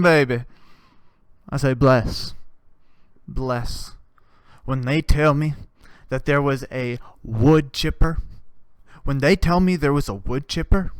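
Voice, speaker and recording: A man's voice: fairly high pitch, smooth, no echo. A young man hosting a comedy podcast, delivering a sarcastic, profane rant with mock-preaching bursts. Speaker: podcast host.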